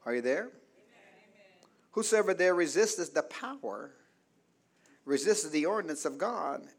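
High-pitched man preacher, calls out to the church, gets loud then drops way down. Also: creaky. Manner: call-and-response preaching, rising to loud exclaims and dropping to soft asides. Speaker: pastor. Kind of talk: sermon.

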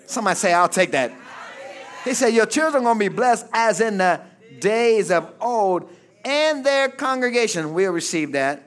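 Man, pastor, sermon, call-and-response, shouting, lively pitch, bright voice. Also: moderate pace, a faint crowd. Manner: fervent call-and-response preaching, often shouting; reads scripture aloud, then explains it.

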